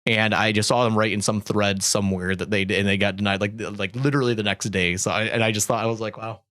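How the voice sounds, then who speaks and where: A man's voice: fairly low pitch, steady tone, fast, fairly bright tone, no room sound, clean studio sound. A man hosting a casual podcast chat, talking hesitantly with many restarts.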